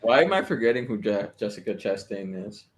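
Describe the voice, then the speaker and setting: A man in casual podcast chat, telling stories in an animated, profane way. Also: on the low side, a little fast.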